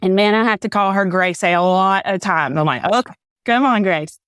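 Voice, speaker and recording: A woman's voice: medium pitch, moderate pace, a bit bright, clean tone, no echo, studio quality. A woman, a podcast guest giving an earnest, faith-filled personal testimony, a little teary. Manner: earnest, faith-filled storytelling, says "y'all".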